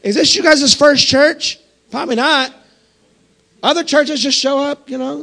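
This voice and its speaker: A man preaching a sermon as pastor, impassioned and building to shouts. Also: extremely high pitch, unhurried, gravelly.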